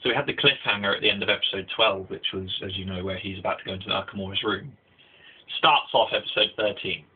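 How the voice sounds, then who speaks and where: A man's voice: lowish voice, fast talker, husky. A young man giving a casual spoken anime review, rambling with restarts and fillers, recorded on tinny phone-like audio.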